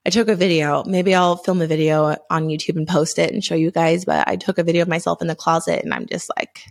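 A young pregnant woman hosting a podcast, telling a personal story in an earnest, emotional and animated way. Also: fairly low pitch, vocal fry. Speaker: podcast host.

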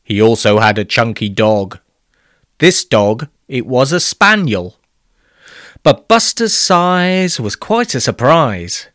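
A man's voice: fairly low pitch, fairly bright tone, dry recording, clean studio sound. A man narrating a rhyming children's story with a weary, exasperated patience.

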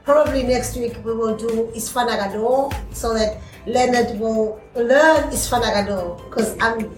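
A woman from South Africa with a South African accent, co-hosting a casual chat in a brisk, teasing way and often laughing. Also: fairly high pitch, echoey room, recorded from a distance, over music, low-quality recording. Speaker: podcast co-host.

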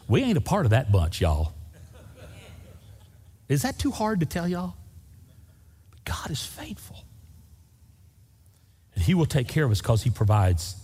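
A man's voice: medium pitch, darkish tone, husky, long reverb tail. A man preaching a sermon as pastor, telling folksy stories and driving points home through repetition.

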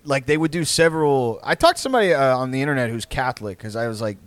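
A man's voice: medium pitch, animated, fast talker, few pauses, dry recording. Texas guy hosting a podcast, rambling, swearing a lot, dry close sound. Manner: rambling, profane, with frequent restarts. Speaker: podcast host. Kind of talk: casual comedic storytelling.

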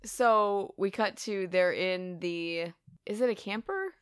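Animated, laughing woman podcaster. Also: medium pitch, slow, clean tone, no echo, clean studio sound. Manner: animated, laughs often, swears casually. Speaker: podcast co-host. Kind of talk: casual film recap chat.

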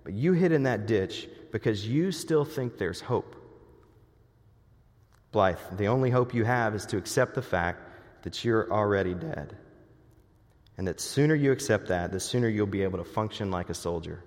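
A man voicing a calm, blunt army captain, in a low and quiet way, as he reads a scene aloud. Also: normal speed, long reverb tail. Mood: grave.

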